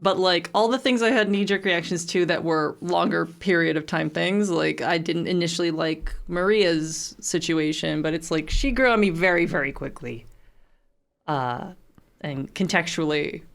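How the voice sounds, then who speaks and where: A woman streamer with vocal fry, chatting casually and swearing freely while she plays a game. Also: on the low side, normal speed.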